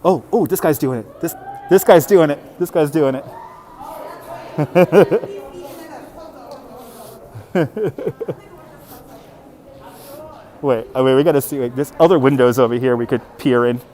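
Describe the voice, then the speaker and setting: Male livestreamer on a walking city stream, unhurried delivery, chats to viewers, laughs often, phone mic. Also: on the high side, big pitch swings, warm tone. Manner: chatty, laughs often, talks to viewers and himself. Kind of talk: live walking stream commentary. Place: city street and indoor market. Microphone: phone on a handheld gimbal.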